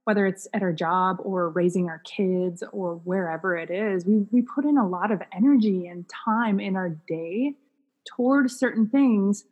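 A woman guest author speaking on a podcast interview. Her voice is husky and breathy, and she answers in a thoughtful, unhurried way with many fillers. The recording has a long reverb from the room. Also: mid-range voice, narrow, tinny audio.

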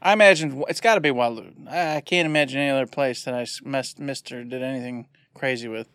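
A man co-hosting a video game podcast in an animated, jokey way, laughing often. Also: medium pitch, fast talker, no echo, clean studio sound. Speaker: podcast co-host. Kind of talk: casual chat.

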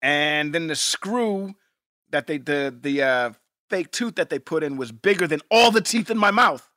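A man's voice: fairly high pitch, animated, a little slow, pushed and bright, no echo, studio quality. A middle-aged man co-hosting a podcast, chatting loosely and profanely and laughing often. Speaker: podcast co-host. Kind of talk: casual rewatch chat.

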